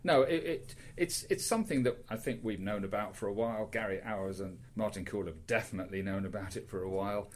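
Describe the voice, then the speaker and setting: Fairly deep guy hosting a footy podcast, rambly, lots of ums and restarts. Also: fast talker, few pauses. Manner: rambling, many fillers and restarts. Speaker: podcast host. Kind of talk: casual football chat.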